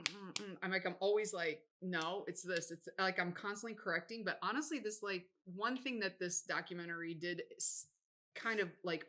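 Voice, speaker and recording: A woman's voice: lowish voice, pushed and bright. A woman co-hosting a podcast in casual chat, candid and self-mocking, who often quotes what other people say. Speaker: podcast co-host.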